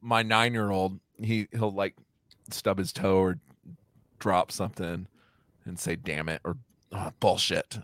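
Casting: thirties man, lower voice, dry close sound, loose swearing banter. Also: a little slow, pauses often, no echo. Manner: animated, laughing, swears freely. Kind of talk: casual chat.

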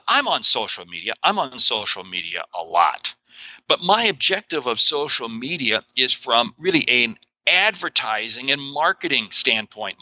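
Energetic, emphatic man with a lively voice. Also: medium pitch, no room sound, rough recording. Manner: animated, emphatic, exclamatory. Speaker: guest author. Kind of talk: podcast interview.

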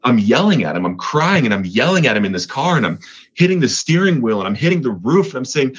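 In a muffled recording, a Coloradan man shares his recovery story as an interview guest, talking fairly quickly with big pitch swings in a husky, mid-range voice. He's earnest and repetitive, his voice lifting as he relives what happened.

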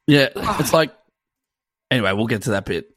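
A man's voice: medium pitch, lively intonation, normal speed, a bit bright, no room sound. An Australian man co-hosting a podcast, joking in a laid-back way and swearing as he chats about a song. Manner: jokey, laid-back, lots of laughter and swearing. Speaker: podcast co-host. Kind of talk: casual chat reacting to a song.

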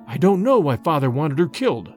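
A man voicing a shaken young man who speaks in a hushed, uneasy way. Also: a little high, very animated, a little fast, faint music behind. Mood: troubled.

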